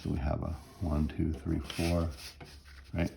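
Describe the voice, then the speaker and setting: A man's voice: extremely low pitch, completely flat delivery, a little slow, creaky, background noise. A man teaching music theory in a recorded lecture, explaining step by step, humming bits of melody and often checking in with "right?".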